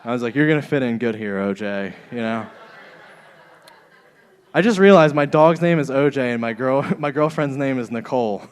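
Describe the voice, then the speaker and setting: A man's voice: mid-range voice, animated, moderate pace. A young man doing a stand-up set in a comedy club, often laughing at his own jokes.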